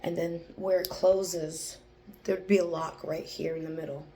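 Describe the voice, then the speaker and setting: A young woman who gives an intuitive psychic reading, thinking aloud, hesitating and pausing to focus. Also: lowish voice, fairly even intonation, mellow, slight background noise. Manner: hesitant, restarts, pauses to focus. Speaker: psychic channeler.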